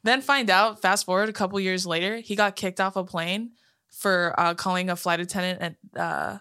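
A woman's voice: on the low side, steady tone, moderate pace, pushed and bright, clean tone, no echo, studio quality. A young woman co-hosting a podcast, telling a story in casual, profane chat and laughing often. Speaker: podcast co-host.

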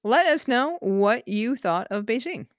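A woman's voice: fairly high pitch, very animated, measured pace, dry recording, studio quality. A woman co-hosting a podcast, chatting casually and laughing often. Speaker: podcast co-host.

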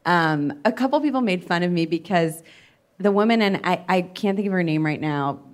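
A woman's voice: fairly low pitch, animated, normal speed. A woman chatting as a podcast guest, telling funny self-deprecating stories in front of a live audience. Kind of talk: casual podcast chat.

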